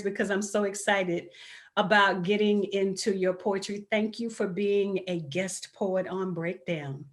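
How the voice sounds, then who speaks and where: Excitable woman hosting a talk show. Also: medium pitch. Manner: effusive, excitable, drawn-out welcomes. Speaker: host. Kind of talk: enthusiastic show intro and interview.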